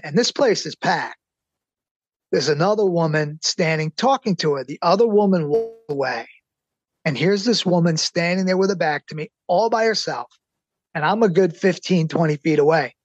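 A middle-aged man with a slightly high voice tells a personal story with eager, earnest excitement. He stretches out the key words to let the moments land. The sound is close and dry, with no room around it. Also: no echo, muffled recording. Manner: excited, earnest, slows down for emphasis. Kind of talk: personal anecdote.

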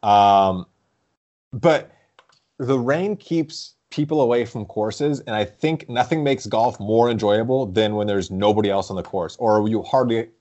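Young male co-host, slightly low voice, casual rambling storyteller with laughs. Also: measured pace, a little mellow. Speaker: podcast co-host. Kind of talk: casual chat.

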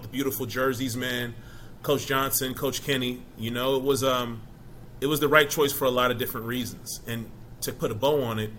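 Bright-voiced man telling stories casually. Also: medium pitch, a little hiss or hum. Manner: animated storyteller, many "you know" asides. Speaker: interview guest, former college football player. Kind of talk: casual conversational interview.

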